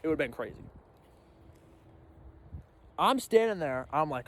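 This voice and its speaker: A young man telling a casual storytime vlog, animated and acting out his own panicked reactions. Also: on the high side, moderate pace, long pauses. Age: young adult. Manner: animated, acts out his own reactions with sudden loud bursts. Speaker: storyteller vlogger.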